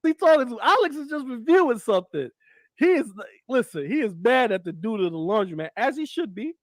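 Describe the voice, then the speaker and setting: A man commenting casually on a live panel, animated and profane, often acting out quotes. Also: very high voice, a little fast, no room sound. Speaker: panel co-host.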